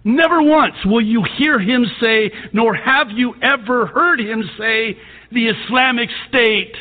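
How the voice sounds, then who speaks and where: A Lebanese-born man whose first language is Arabic, preaching a fervent sermon that swings between loud outbursts and quiet asides. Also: extremely high pitch, a little slow. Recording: tinny phone-like sound with long hall reverb.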